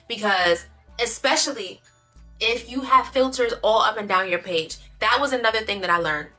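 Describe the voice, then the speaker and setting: Young woman ranting in a storytime vlog, super bright forceful voice, slangy and emphatic, little bit of music under it. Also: fairly high pitch, brisk. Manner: animated, emphatic, slangy venting. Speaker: vlogger. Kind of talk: casual storytime chat.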